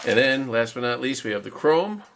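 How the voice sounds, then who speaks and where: A man's voice: mid-range voice, very animated, fairly quick, gravelly, noisy background. A man casually narrating a model car kit unboxing, chatty and rambling, with self-deprecating chuckles.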